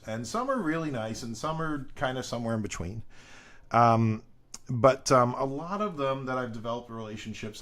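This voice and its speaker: A man hosting a casual live stream, telling rambling stories and greeting viewers by name with excitement. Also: medium pitch. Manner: chatty rambling storytelling. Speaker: live stream coin seller.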